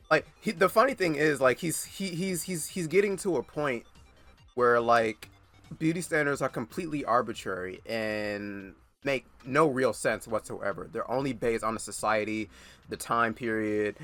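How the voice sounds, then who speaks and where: A man's voice: medium pitch, normal speed, fairly bright tone, faint music behind. A man giving blunt, sarcastic reaction commentary, swearing often and stammering into rants. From United States.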